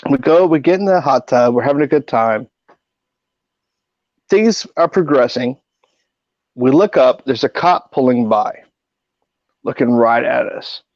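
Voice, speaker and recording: A man's voice: medium pitch, a little mellow, no room sound. Profane middle-aged man telling stories. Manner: profane, rambling anecdotes. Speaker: podcast host. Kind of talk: casual storytelling. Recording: dull lo-fi audio.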